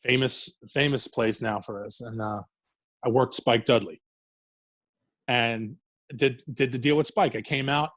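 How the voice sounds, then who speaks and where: A man's voice: medium pitch, steady tone, a little slow, pauses often, a bit bright, dry recording. A middle-aged man from New York telling profane, laughing wrestling stories in a casual interview. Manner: profane, laughing, rambling anecdotes. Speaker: wrestler guest.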